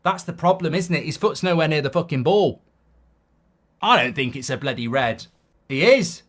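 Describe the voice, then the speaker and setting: A man hosting a live football reaction, swearing and shouting in exasperated outbursts. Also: on the high side, expressive, moderate pace. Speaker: host reacting to a match. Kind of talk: live watch-along reaction.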